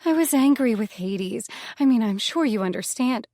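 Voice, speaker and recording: A woman voicing a brash, shameless young female nymph in an audiobook, pleading in quick, self-reproaching outbursts. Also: on the high side, expressive, mellow, no room sound, studio quality, pitched above the performer's own voice. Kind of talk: audiobook character voice.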